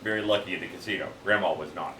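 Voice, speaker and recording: Low-voiced man heard from across a roomy space. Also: racing, a bit bright, a little hiss or hum. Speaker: bar chat participant. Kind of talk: casual bar chat storytelling. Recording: roomy, distant mic with faint ambience.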